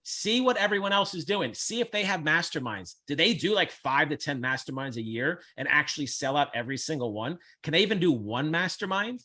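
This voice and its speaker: A man hosting a casual chat, blunt, brash and profane, with animated storytelling. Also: a little high, fairly quick, hardly any pauses. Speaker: host.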